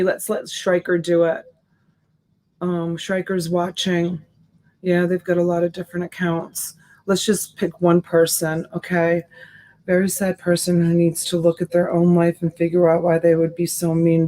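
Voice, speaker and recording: A woman with a fairly low, slightly mellow voice runs a live selling stream, chatting casually. She reads out viewers' names and answers their comments with sympathy.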